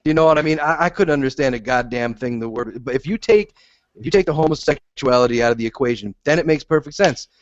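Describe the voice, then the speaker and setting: A man's voice: medium pitch, quick pace, no echo. Emphatic man on a lo-fi podcast. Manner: blunt, emphatic, profane. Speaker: podcast co-host. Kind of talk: casual argumentative chat. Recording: dull lo-fi audio.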